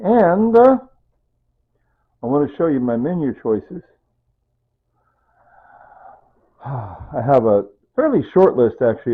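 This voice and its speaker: An older man chatting in a rambling way about his home food stores, repeating himself and clearing his throat often. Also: mid-range voice. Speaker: prepping vlogger. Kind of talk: rambling casual vlog talk. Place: home room with pantry shelves and computer. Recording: tinny phone-like audio.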